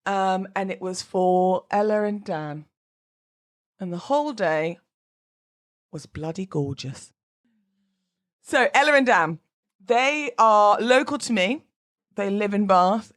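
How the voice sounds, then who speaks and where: A woman hosts her wedding podcast in a loose, chatty way. She overshares freely and pokes fun at herself while she applies makeup between sentences. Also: medium pitch. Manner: chatty, oversharing, self-mocking. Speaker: wedding podcast host and celebrant. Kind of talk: casual chat.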